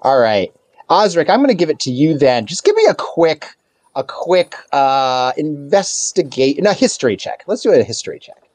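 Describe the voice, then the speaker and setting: A man's voice: fairly high pitch, big pitch swings, normal speed, a little mellow, no room sound. A man narrating as game master of a tabletop game, rambling with lots of fillers.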